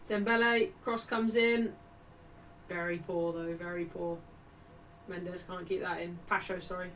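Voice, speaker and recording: A woman's voice: on the low side, little pitch movement, a little slow. A woman casually commentating a football match live for her stream and greeting viewers in chat. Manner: chatty, shouts greetings to chat. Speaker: streamer hosting a football watchalong. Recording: distant mic with faint background noise.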